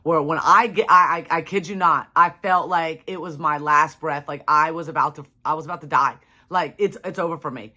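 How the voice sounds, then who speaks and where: A woman's voice: low voice, a little fast, hardly any pauses, pushed and bright. A young adult woman telling a personal story to her viewers in a casual, chatty way, full of "like" and "you know". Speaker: vlogger.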